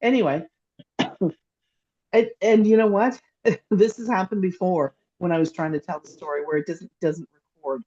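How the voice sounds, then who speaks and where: A woman with a somewhat low, mellow voice tells a long personal story in casual chat. She rambles and restarts, her feeling building as she goes. Her remote call mic sounds a little dull. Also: moderate pace, pauses often. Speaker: psychic, podcast co-host. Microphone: remote call microphone.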